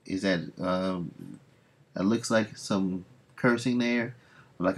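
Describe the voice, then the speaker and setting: A man's voice: deep voice, slow, gravelly, long pauses. A man reading comics aloud on a stream, with laid-back asides between the lines he reads out. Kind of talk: casual comic reading commentary.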